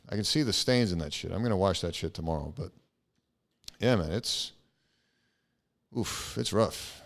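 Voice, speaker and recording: A young man hosting a casual solo podcast, rambling and swearing with lots of fillers. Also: low voice. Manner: rambling, profane, frequent fillers. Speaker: podcast host.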